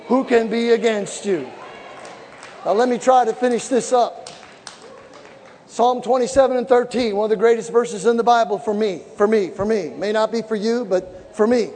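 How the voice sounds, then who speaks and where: A man preaching a sermon with fervent shouting and call-and-response to the congregation, recorded in a large church hall. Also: very high voice, slight background noise. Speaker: pastor. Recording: echoey hall with live congregation.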